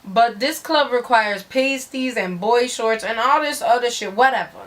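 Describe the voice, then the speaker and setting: A woman's voice: on the high side, moderate pace, a bit bright. A woman giving a dramatic story reading in a brash, profane, slangy way.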